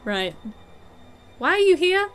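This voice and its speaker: A woman's voice: very high voice, big pitch swings, slow, soft background music, pitched above the performer's own voice, exaggerated voice. A woman reading the lines of a dry, matter-of-fact male detective in a game.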